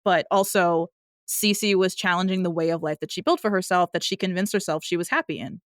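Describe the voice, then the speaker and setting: A woman's voice: brisk, no room sound. Chatty woman podcaster, dry close sound. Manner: chatty, quotes film lines in bursts of higher pitch. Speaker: podcast co-host. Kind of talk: casual chat.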